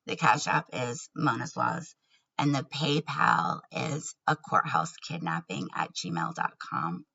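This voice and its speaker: A woman's voice: rumbling low, big pitch swings, takes it slowly, vocal fry, sharp tone, breathy edge, muffled recording. A woman talking candidly in a personal vlog, earnest and laughing often between words. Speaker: vlogger.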